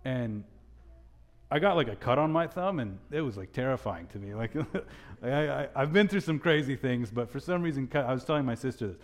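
A young man giving a sermon with a personal story, telling it in an animated way with many restarts. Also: medium pitch, a little fast. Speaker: speaker at a church gathering.

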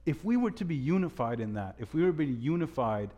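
A young man giving a sermon with a personal story, telling it in an animated way with many restarts. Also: on the high side, fast. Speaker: speaker at a church gathering.

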